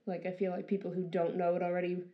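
A woman co-hosting a podcast chats casually, using lots of fillers and laughing often. Her voice is fairly low with a level tone and a fast pace, and the audio sounds dull.

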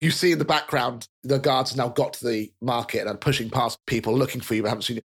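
A man narrating a tabletop game as game master, in a brisk, casual, descriptive way. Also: mid-range voice, steady tone, fairly bright tone, husky.

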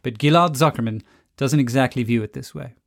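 A man hosting a podcast, reading scripted narration in a measured way. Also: mid-range voice, gravelly. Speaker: podcast host.

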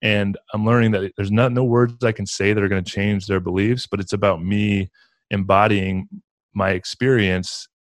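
A man's voice: fairly low pitch, fairly even intonation, normal speed, no echo. A man talking earnestly and reflectively in a casual spiritual conversation, as a podcast guest, with many "like" fillers.

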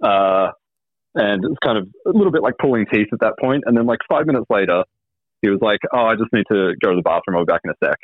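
A man's voice: on the low side, fast talker, no echo. A man telling a dating story as a guest, wry and hesitant with many ums. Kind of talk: casual storytelling. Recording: tinny phone line.

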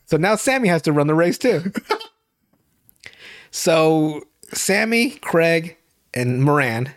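Man, young adult, podcast host, casual profane rambling, fairly high voice. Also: animated, normal speed. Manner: profane, rambling, laughs often, with restarts. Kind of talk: casual podcast chat recapping a TV series.

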